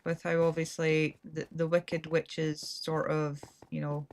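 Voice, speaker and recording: A Scottish woman streams gameplay, chatting casually, rambling and poking fun at herself. Her deep, darkish voice is slow and monotone.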